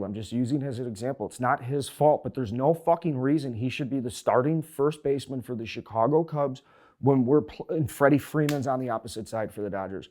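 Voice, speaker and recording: A man ranting as a sports show host, swearing freely and getting short of breath. His voice sits at an ordinary middle pitch. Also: a little mellow. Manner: profane, heated ranting.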